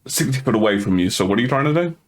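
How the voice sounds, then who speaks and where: A man's voice: mid-range voice, lively intonation, racing. A man acting as game master for a tabletop game, with a mid-range voice. He stammers and repeats words while narrating scenes and asking players for rolls.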